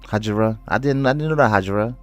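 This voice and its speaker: Casual male streamer, very low voice, slangy and excitable, stutters and restarts his words. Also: quick pace, faint music behind. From United States. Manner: loose slangy talk, calls viewers bro. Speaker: livestreamer. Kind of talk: casual livestream chat, reading viewer comments.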